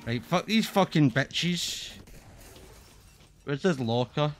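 A man's voice: a little high, expressive, slow pace, a little hiss or hum. A man streaming a zombie game, rambling and swearing with lots of laughs. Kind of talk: casual gaming commentary.

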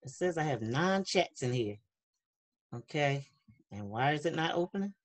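This online youth class leader talks in a deep, expressive voice at a moderate pace. She's hosting a relaxed video-call class for children, reading out the chat and cheering the kids on conversationally.

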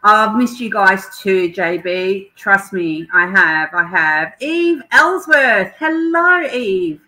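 A middle-aged Australian woman livestreams from home, greeting viewers by name in an emotional, casual chat. Her mid-range voice is expressive, bright and forceful, and she takes her time, though the recording is rough.

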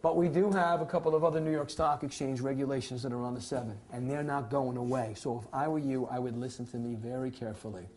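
A man's voice: mid-range voice, steady tone, fast, hardly any pauses, a little mellow, slight background noise. A man teaching a securities licensing class, lecturing theatrically and acting out client and broker scenes for the students. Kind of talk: classroom lecture with acted scenarios.

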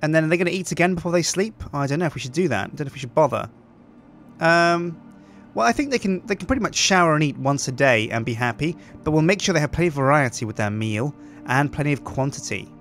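Man, game commentary, fairly high voice, faint music underneath. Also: animated, fast talker, fairly bright tone. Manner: chatty, upbeat, thinks aloud. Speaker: host.

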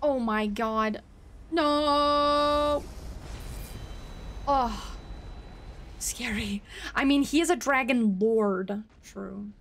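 A woman's voice: fairly high pitch, takes it slowly, a little hiss or hum. A young woman streaming a game, chatting casually and yelping and swearing when she gets hit. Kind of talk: casual gameplay commentary.

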